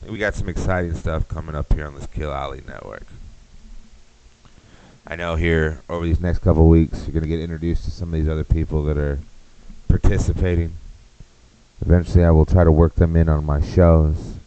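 Crude rambling man with a deep voice. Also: steady tone, brisk, mellow, dull audio, slight background noise. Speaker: podcast host. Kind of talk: comedic rant.

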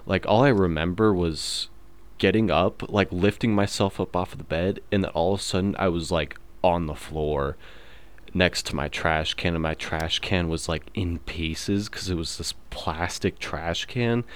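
A man's voice: low-pitched, a little slow, smooth. A young man in his twenties, hosting his own podcast and telling stories in a laid-back, swear-heavy way, full of fillers. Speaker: podcast host. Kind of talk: casual storytelling monologue.

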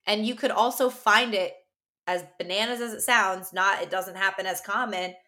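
A woman's voice: medium pitch, fairly even intonation, moderate pace, bright, forceful tone. A young woman co-hosting a podcast, talking animatedly in casual chat and swearing freely. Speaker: podcast co-host.

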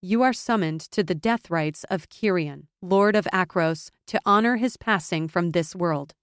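A woman doing a defiant noble heiress, firm, commanding, low-set voice, dry sound. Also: unhurried, clean tone, no echo, close to an everyday voice. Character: proud, defiant young noblewoman heir.

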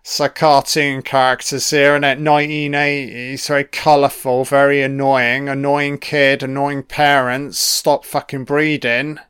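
A man's voice: mid-range voice, little pitch movement, a little slow, few pauses, fairly bright tone, smooth. Sweary man doing film commentary. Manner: sweary, blunt and sarcastic.

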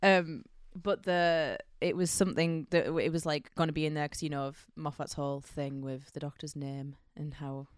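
A woman co-hosts a relaxed podcast chat, her voice low-set and smooth. She rambles through her points with plenty of fillers and breaks into easy laughter, and she sounds dry and close to the mic. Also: moderate pace, hardly any pauses, no echo. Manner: laughs easily. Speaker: podcast co-host. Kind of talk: casual chat.

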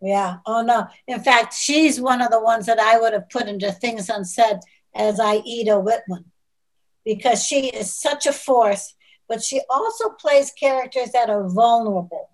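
A woman who writes novels, answering questions in a measured, thoughtful way during a casual chat. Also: fairly high pitch, rough recording. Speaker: novelist guest.

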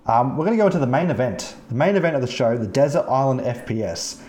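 A man hosting a podcast, telling gaming stories in an animated, profane way and acting out the other players. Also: mid-range voice, fast, roomy sound. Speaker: podcast host. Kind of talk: casual storytelling chat.

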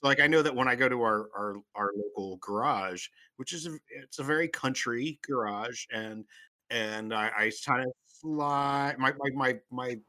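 Bright-voiced Mid-Atlantic American man. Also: mid-range voice. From Maryland, USA. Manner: slow, hesitant, explanatory. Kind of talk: casual podcast chat.

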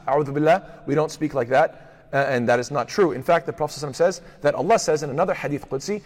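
A man teaching a lesson on hadith, rapidly reciting Arabic passages, then explaining them and posing rhetorical questions to his listeners. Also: a little high. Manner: poses rhetorical questions to the class. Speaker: Islamic studies teacher. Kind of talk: lecture on hadith. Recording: long hall reverb.

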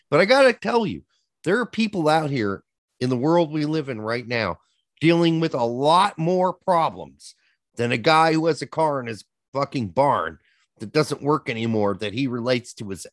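A man's voice: medium pitch, expressive, moderate pace, dry recording, clean studio sound. A man co-hosting a soccer podcast, telling stories and ranting with plenty of swearing in casual chat. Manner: profane, ranting storyteller.

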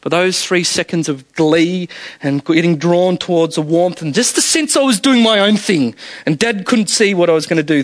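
A man delivers an evening sermon, chatty and full of stories, laughing often. His voice sits high for a man. The sound is dry and close. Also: no echo. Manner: storytelling, conversational, laughs often. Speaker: preacher.

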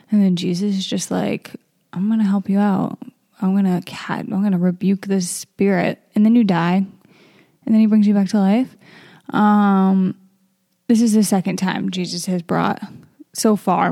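A woman's voice: mid-range voice, creaky, warm tone, dry recording, studio quality. A young woman reading scripture aloud and then musing about it informally, with frequent fillers and self-corrections. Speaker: Bible reading host. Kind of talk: casual Bible reading and reflection.

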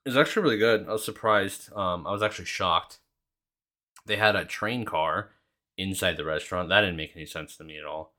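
Young male podcast host, low voice with a bright, pushy edge, casual and sweary. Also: fairly quick. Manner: rambling, heavy swearing, lots of fillers. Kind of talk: casual solo chat.

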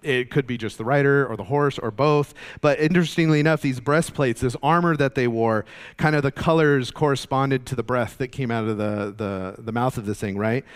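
A man leads a Bible study in a casual, explanatory manner, often pausing with fillers and restarting his sentences. His voice is smooth and resonant, sitting at an ordinary middle pitch. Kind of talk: conversational Bible teaching.

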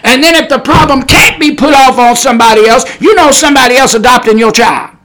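On a podcast, a male preacher with a very high, bright, forceful voice gives a sermon at a quick pace. He talks bluntly and folksily, throws out plenty of rhetorical questions, and hits key words with sudden shouts.

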